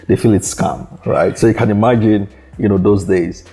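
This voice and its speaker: A man with a very low, dark voice answers interview questions about building a startup. He talks in a halting way, repeating words and leaning on "you know" as he goes. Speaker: startup founder guest. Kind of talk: conversational interview.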